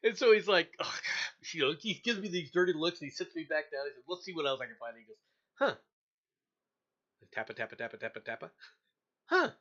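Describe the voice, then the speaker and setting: With dull audio, a middle-aged man whose voice is slightly high talks fairly quickly while hosting a casual chat. His long, animated story is packed with repeated words and frequent laughter, and he acts out the voices of the people he quotes.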